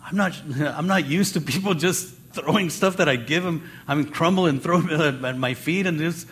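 A man preaching a Bible teaching sermon in a conversational way, jumping in pitch as he acts out the people he quotes. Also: normal speed. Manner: animated, acts out quoted voices with pitch jumps; conversational with fillers and restarts.

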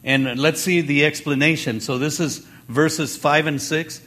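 Guy preaching from the bible, kinda high voice, chatty, acts out voices with big pitch jumps. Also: fairly even intonation, measured pace, sharp tone. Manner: conversational with fillers and restarts. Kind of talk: Bible teaching sermon.

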